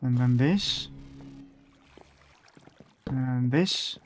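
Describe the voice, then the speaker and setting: A man's voice: mid-range voice, drawn-out words, a little hiss or hum. A young man chatting casually and swearing often as he narrates building in a game and talks to himself. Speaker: gaming streamer. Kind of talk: casual gameplay commentary.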